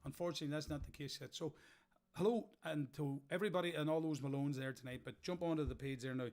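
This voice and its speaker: A man's voice: a little high, quick pace. An Irish man hosting a live stream from home, chatting casually between songs and reading out viewer comments. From Ireland. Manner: chatty, relaxed, local turns of phrase. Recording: live stream with loud music behind. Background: music.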